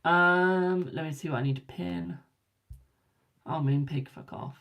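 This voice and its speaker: A woman's voice: deep voice, fairly even intonation, a little slow, vocal fry, fairly bright tone. A British woman hosting a live tarot stream in casual chat, calling viewers darling, a bit tired and yawning. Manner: chatty, calls viewers darling and boo.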